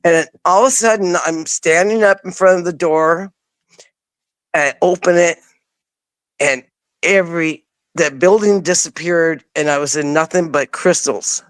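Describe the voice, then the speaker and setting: A woman appearing as an interview guest tells a personal story in casual, informal words, animatedly acting out what she said back then. Her voice is lowish and at normal speed, with no echo.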